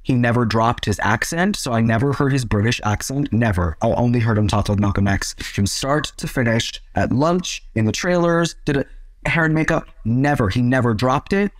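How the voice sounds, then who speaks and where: A man talks as an interview guest, spinning stories from film sets and acting out the lines people said. His pitch sits in the middle of the male range. The sound is dry and close, with no room around it. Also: normal speed, dry recording. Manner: lively storyteller, acts out quotes. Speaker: actor, podcast guest. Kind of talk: casual interview chat.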